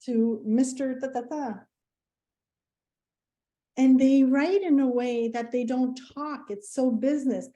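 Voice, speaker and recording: Woman, fairly high voice, warm and mellow tone, casual presentation, chatty, acts out dialogue. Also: slow pace, long pauses. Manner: animated, acts out quoted dialogue; chatty, with frequent fillers. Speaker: presenter at a community meetup.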